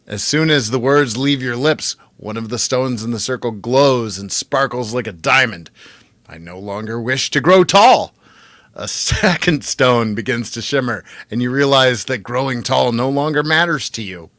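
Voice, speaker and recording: A man co-hosting a podcast, reading a gamebook aloud in an animated way and laughing easily with the others. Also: medium pitch, moderate pace, few pauses, no echo.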